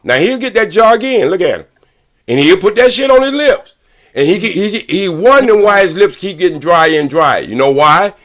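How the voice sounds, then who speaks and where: Profane, combative older man, lively pitch. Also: normal speed. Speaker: panel guest. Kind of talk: heated live-stream debate.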